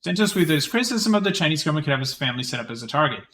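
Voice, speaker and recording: A man's voice: on the high side, very animated, a bit bright, a little hiss or hum. A man streaming live, reading an article aloud and breaking off for casual, chatty asides. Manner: quick chatty reading with many fillers and restarts.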